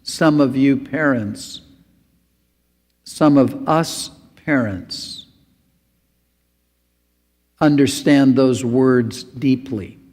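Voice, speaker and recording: A man's voice: medium pitch, extremely slow, pauses often, a little mellow, big-room sound. A man preaching a sermon as pastor, earnest and pleading.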